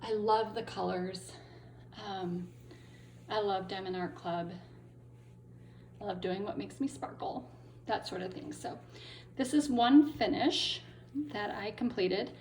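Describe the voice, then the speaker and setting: Chatty woman crochet vlogger, faint room hiss. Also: mid-range voice. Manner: chatty, frequent ums, upbeat. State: recovering from laryngitis, lingering cough. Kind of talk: casual show-and-tell vlog.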